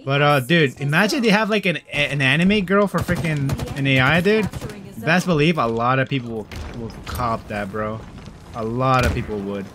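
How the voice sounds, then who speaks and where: A young man giving casual, slangy gameplay commentary, swinging between mumbles and loud excited outbursts. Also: medium pitch, normal speed, crowd noise. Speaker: gamer. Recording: game gunfire loud behind voice.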